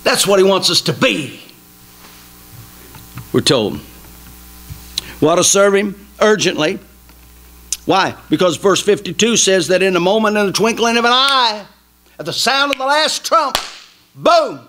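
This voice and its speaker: A man preaching a sermon in a small church, emphatic and folksy, swinging between loud exhortation and quiet asides. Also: sits high, animated, unhurried, pauses often, rough recording. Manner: folksy, jokes with the congregation. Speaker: pastor.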